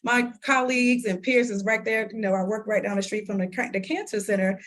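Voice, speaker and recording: A woman in her thirties, appearing as an interview guest, tells a personal story in lively conversation. Her pitch is medium and her pace a little fast; she's animated, laughs often and acts out what people said.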